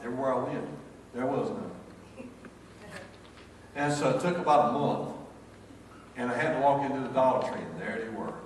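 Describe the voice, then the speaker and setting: Recorded from afar in an echoey church sanctuary with faint ambience, this older Southern-accented preacher from North Carolina delivers a homespun sermon of personal anecdotes, circling back and starting over as he goes. His voice sits in the mid range, and there's a slight hiss or hum.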